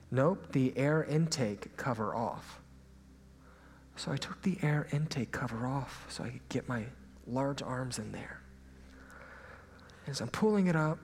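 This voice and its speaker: Storytelling preacher in a reverberant hall. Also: male voice, mid-range voice, slight background noise. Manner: storytelling, animated, drops to hushed asides. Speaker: pastor. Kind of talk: sermon. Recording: hall reverb, faint ambience.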